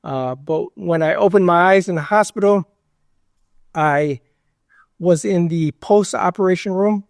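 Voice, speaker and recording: High-voiced man telling a story. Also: unhurried, vocal fry, no echo, clean studio sound. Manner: rambling, full of "like" and "you know", re-enacts dialogue. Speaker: guest. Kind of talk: storytelling in a casual interview.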